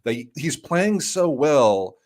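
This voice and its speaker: A man co-hosting a fantasy baseball podcast, jokey and animated, often repeating words as he starts a thought. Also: on the high side, slow. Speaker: podcast co-host. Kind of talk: casual chat.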